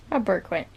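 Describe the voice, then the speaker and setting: A woman's voice: muffled recording, slight background noise. A woman vlogger chatting playfully to her pet parrot in teasing baby-talk, laughing often.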